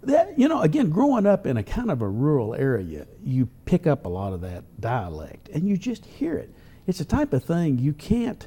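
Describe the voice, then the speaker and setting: An older man, a columnist telling folksy stories in an interview at a drawn-out pace. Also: medium pitch, mellow, husky. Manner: folksy, drawn-out storytelling with chuckles. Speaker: newspaper columnist and humorist. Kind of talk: storytelling interview answers.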